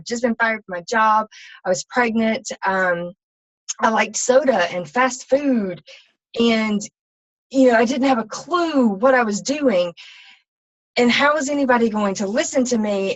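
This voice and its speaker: A woman, a fitness coach, telling her personal story in a candid, rambling way full of ums and restarts. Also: a little high. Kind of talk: personal testimony talk. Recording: slightly dull, lo-fi sound.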